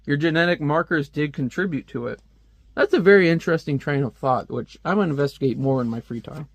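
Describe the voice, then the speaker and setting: Guy chatting through a comic review, jokey asides, kinda high voice, dry close sound. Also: fast, no room sound. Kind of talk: casual commentary.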